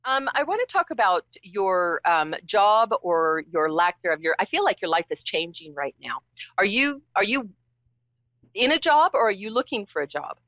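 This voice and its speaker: A woman's voice: medium pitch, expressive, normal speed, no room sound, muffled recording. A woman hosting a call-in psychic show, talking in a chatty, teasing way with emphatic repetitions. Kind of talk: live call-in psychic reading.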